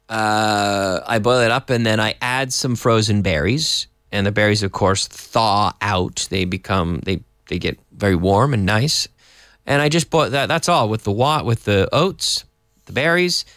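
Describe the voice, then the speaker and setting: A man teaching a live online English lesson, explaining slowly and adding Spanish glosses. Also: lowish voice, fairly bright tone, no room sound, clean studio sound.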